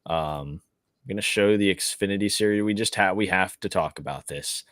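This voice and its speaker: Deep, bright-toned male show host. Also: normal speed, no echo, clean studio sound. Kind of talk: casual podcast chat.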